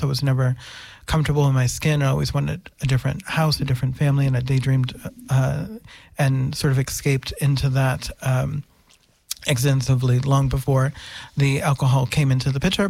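A man's voice: medium pitch, creaky, darkish tone, no room sound. A man from New Orleans sharing his story of drinking on a radio show, reflective, with many hesitations. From New Orleans, United States. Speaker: meeting member sharing. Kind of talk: personal testimony on community radio.

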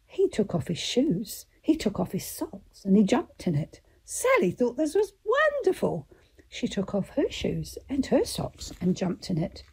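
A woman reading a children's story aloud in a gentle, lively way, giving the characters their own voices. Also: on the low side, creaky, slightly rough.

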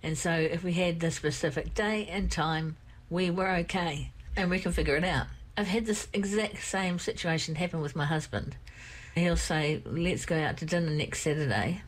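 An older woman with a croaky throat, telling a personal story in a rambling, candid way. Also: lowish voice, normal speed, poor audio. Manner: rambling, candid, repeats herself. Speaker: vlogger.

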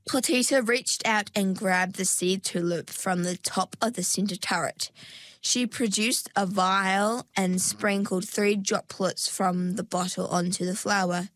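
A woman narrates a storybook at a slow, measured pace. Her pitch sits in a middle range and the sound is dry and close, with no room behind it. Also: fairly even intonation, a bit bright, no room sound.

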